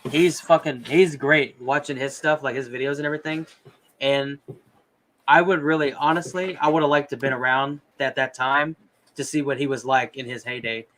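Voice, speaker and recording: A man's voice: mid-range voice, fairly even intonation, moderate pace, fairly bright tone, a little hiss or hum. A man co-hosting a casual podcast, talking loosely with plenty of fillers and offhand swearing. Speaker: podcast co-host.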